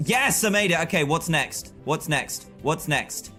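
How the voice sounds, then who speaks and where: A man streaming live gameplay with excitable, frustrated commentary, often yelling at the game. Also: fairly high pitch, a little slow, faint music behind.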